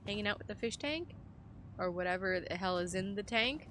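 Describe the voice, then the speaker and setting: A woman streaming a video game, commenting live and reading the game text aloud, animated and joking, swearing freely. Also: mid-range voice, fairly quick, slight background noise. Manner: animated, swears freely, jokes and reacts loudly.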